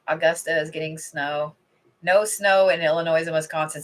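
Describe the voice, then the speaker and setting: A woman's voice: sits low, steady tone, normal speed. A middle-aged woman chatting casually on a livestream from home, rambling and swearing freely as she reads cards. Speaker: intuitive card reader. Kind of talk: casual livestream chat with card reading.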